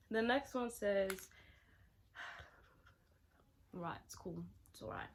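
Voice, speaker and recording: A young woman vlogger chatting casually as she reads out viewer confessions, animated and exclaiming, with sudden loud outbursts and quiet asides. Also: medium pitch, extremely slow, a little hiss or hum.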